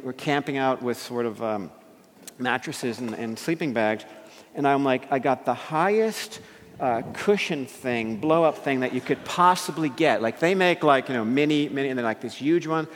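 A man in his thirties, a pastor from New Jersey telling a personal story in an animated way and acting out the quotes. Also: on the high side. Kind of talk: storytelling sermon. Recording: long hall reverb.

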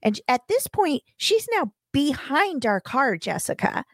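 A woman in her forties, co-hosting a podcast, telling a story in a lively way with laughs and acted-out dialogue. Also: sits high, a little slow, dry recording, studio quality. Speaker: podcast co-host. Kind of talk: casual chat, animated storytelling.

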